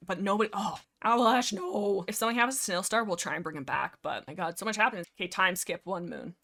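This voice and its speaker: A woman's voice: medium pitch, fast, few pauses, a bit bright. A woman casually telling the story of her cat-clan game, chatty and full of fillers, acting out lines. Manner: chatty, lots of fillers, acts out character lines. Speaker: gaming YouTuber. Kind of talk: casual let's-play storytelling.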